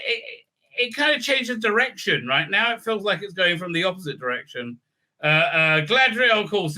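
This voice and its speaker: A man's voice: on the high side, sharp tone. A man ranting sarcastically through a show recap, profane and rambling, with lots of fillers. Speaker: online video reviewer. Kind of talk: casual recap and review rant.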